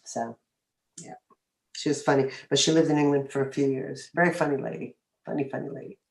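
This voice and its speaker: A woman's voice: rumbling low, steady tone, a little fast, gravelly. A middle-aged woman, mother of a co-host, telling stories in casual chat with a chuckle. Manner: storytelling, chuckling. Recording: echoey room recording.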